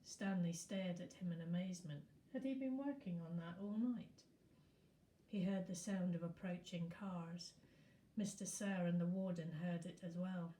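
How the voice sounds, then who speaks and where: A woman teacher reading a novel aloud in a steady storytelling manner. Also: on the low side, a little slow. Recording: echoey room.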